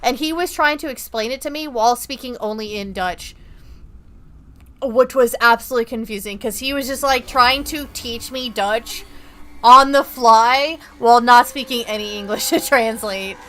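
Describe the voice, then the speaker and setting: A woman's voice: fairly high pitch, normal speed, fairly bright tone. A young woman streaming a horror game, chatting casually with viewers in a rambling, profane way. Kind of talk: casual gaming-stream chat.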